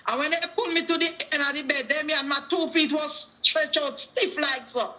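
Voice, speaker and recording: A high-pitched Jamaican woman calls in to a talk show and tells her testimony like a sermon. She quotes scripture and slips into patois as she acts out what everyone said. Her voice rings bright and sharp. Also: fairly even intonation, normal speed. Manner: preachy storytelling, quoting scripture, acting out dialogue in patois. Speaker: caller.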